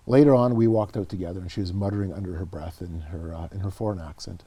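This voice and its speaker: A man's voice: deep voice, quick pace, slightly rough. A middle-aged Canadian man, a guest and author, telling stories earnestly in an interview, often repeating words as he goes. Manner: earnest, animated storyteller who repeats words. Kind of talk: conversational interview storytelling.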